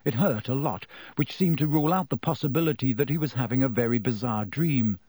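A man's voice: medium pitch, a little fast, mellow, slight background noise. A man reading a children's fantasy novel aloud as narrator, telling the story expressively. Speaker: audiobook narrator. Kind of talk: scripted narration.

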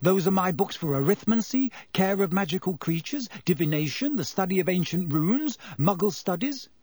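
A man's voice: high-pitched, lively intonation, moderate pace, a little mellow, no echo, voice pushed up. A man voicing a bossy, earnest teenage girl in a storybook reading, in a prim, studious way.

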